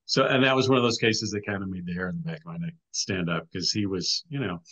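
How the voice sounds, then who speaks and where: A man's voice: low-pitched, fast, fairly bright tone, husky, poor audio. A middle-aged man telling a story casually as a guest on an interview show, with frequent restarts and "you know"s. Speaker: podcast guest, author and filmmaker.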